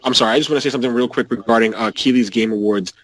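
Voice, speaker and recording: A man co-hosting a casual gaming podcast, talking in quick animated rants. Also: mid-range voice, rough recording. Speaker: podcast co-host.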